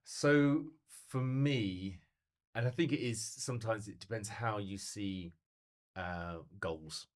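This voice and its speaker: A middle-aged man speaking as a motivational speaker in casual podcast conversation, animated and telling stories, full of rhetorical questions. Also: fairly low pitch, slow pace.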